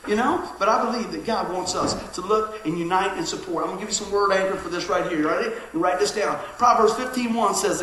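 Man, pastor, middle-aged, bright high voice, very echoey church hall. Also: fast talker. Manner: lively storytelling, swings from shouting to hushed asides. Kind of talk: sermon.

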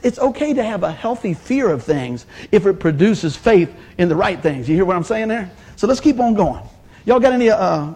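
With a high voice that has a breathy edge, a man in his fifties preaches, spinning stories with laughter. He brings the quotes to life by acting out each speaker's voice.

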